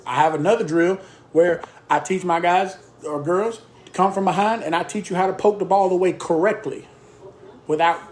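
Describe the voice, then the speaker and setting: In casual coaching talk, a man speaking as a basketball coach is emphatic, repeating short, punchy, drill-style lists of instructions. His voice sits high, his pace is moderate, and there's a little hiss or hum.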